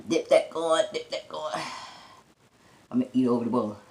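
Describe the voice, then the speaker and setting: A woman's voice: a bass voice, moderate pace, pauses often, a little mellow. A woman hosting a seafood eating show, chewing between short remarks, humming with enjoyment and talking straight to her viewers. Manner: addresses viewers directly and teasingly. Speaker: mukbang host.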